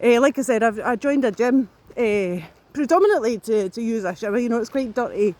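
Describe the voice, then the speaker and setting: A vlogger with a fairly high, slightly mellow voice and lively intonation talks fairly quickly to her camera while walking outside, catching her breath between phrases. Her casual, unscripted talk rambles, doubles back, and breaks into swearing.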